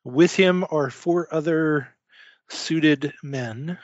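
Slow, halting game master man. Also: a little high, no room sound, lo-fi sound. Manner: halting, filler-heavy narration. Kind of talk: narrating a tabletop horror game.

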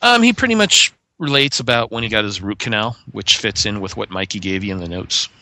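A man narrating as game master of a tabletop game in a relaxed way with many fillers. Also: lowish voice, fairly quick, dry recording.

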